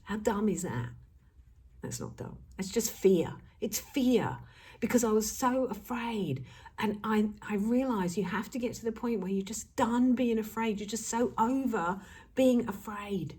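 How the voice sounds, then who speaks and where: A woman's voice: mid-range voice, unhurried, darkish tone, breathy edge. A woman speaking as a self-help coach in an earnest, emphatic motivational talk, repeating key words for stress.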